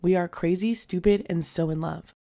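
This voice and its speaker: A woman narrating online stories aloud in an animated, punchy way, with sudden loud emphasis. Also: fairly low pitch, normal speed, vocal fry. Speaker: storytime narrator.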